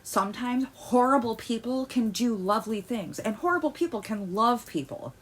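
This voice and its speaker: A woman's voice: on the high side, moderate pace, slight background noise. Heated ranting woman vlogger. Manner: animated and heated, stammering restarts, swings from loud outbursts to quiet muttering. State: agitated. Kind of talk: ranting commentary.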